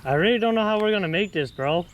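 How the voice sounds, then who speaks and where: A young man filming his fishing trip on a creek, talking casually and excitedly, repeating his exclamations and calling his friends bro and dude. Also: sits high, fast, lo-fi sound. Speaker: fishing vlogger. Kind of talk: casual outdoor fishing commentary. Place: outdoors on a creek. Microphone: action camera. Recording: outdoor camera audio with loud water noise.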